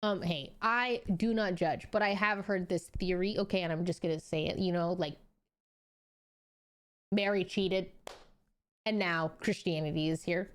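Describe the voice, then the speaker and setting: In a casual live-stream reaction, a young woman reads out a story and responds incredulously, cursing freely and laughing often. Her voice is on the low side, clear and resonant, and she speaks unhurriedly with frequent pauses.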